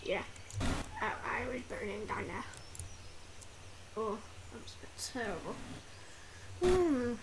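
A burnt animatronic fox mutters his story in a low, hurried way, as a woman puts on his voice. The voice still sits high, and loud noise rumbles through the recording behind him. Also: sing-song. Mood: glum.

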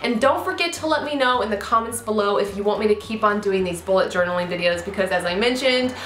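A woman's voice: medium pitch, fast, fairly bright tone, slight background noise. A woman host signing off her video, upbeat and speaking straight to viewers. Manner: upbeat, friendly direct address. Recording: roomy echo.

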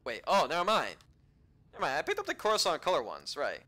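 A man narrating his own gameplay in a loose, rambling way, full of self-talk and half-finished sentences. His pitch leaps around a lot, and his tone is bright and forceful. He breaks into excited, swearing outbursts now and then. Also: quick pace. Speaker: video game let's-play commentator. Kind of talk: casual gameplay commentary.

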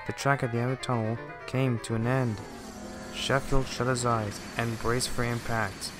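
A man giving scripted storybook narration in a slow, measured way. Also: medium pitch, little pitch movement. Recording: music playing underneath.

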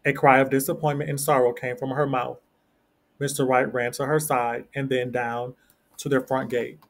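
A man narrating a classic story aloud in a steady, plain reading voice. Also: medium pitch, moderate pace, vocal fry. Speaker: story reader.

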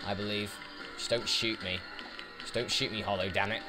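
A man's voice: on the low side, steady tone, normal speed. A man giving casual let's play commentary, chatting to the enemies on screen as he plays, with game music behind him. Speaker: gaming YouTuber.

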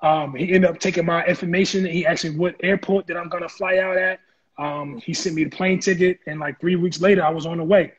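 Fast-talking high-voiced man telling a story. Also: breathy edge, highs cut off. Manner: animated, acts out quoted voices. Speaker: interview guest, former football player. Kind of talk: casual storytelling.

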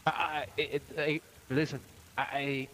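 A man's voice: fairly high pitch, level tone, measured pace, a bit bright, slight background noise. A man playing along in an in-game role-play, flustered and stammering as he denies things. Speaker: fellow player.

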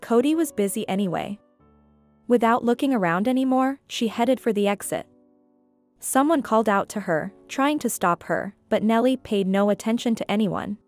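A woman narrating a scripted drama story in a steady, even storytelling manner. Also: fairly high pitch, normal speed, no room sound, soft background music.

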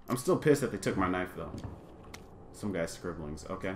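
A man's voice: sits low, expressive, moderate pace, long pauses, reverberant, a little hiss or hum. A man hosting a let's play, jumpy and easily startled, repeating himself and bantering with viewers. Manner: chatty with an exclamatory, self-deprecating banter. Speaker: gaming channel host.

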